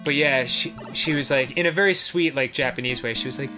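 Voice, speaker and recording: A man co-hosting a comedy chat show, telling an animated story that bursts into shouted swearing. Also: mid-range voice, fast talker, hardly any pauses, over music. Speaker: podcast co-host.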